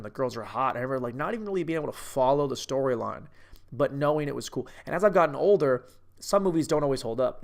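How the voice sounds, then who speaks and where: A man's voice: medium pitch, gravelly. A man in his thirties giving a brash, profane and rambling comedic movie review. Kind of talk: casual comedic rant.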